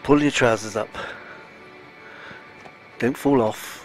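With faint game music in the background, a man streams a let's-play, speaking slowly in a mid-range voice. He is chatty, mutters to himself, sighs, and is a little out of breath.

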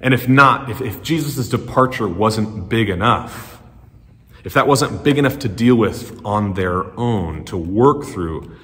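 A male pastor preaching a sermon in a conversational storytelling way, animated and acting out quotes. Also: lowish voice, unhurried. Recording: long church-hall reverb.

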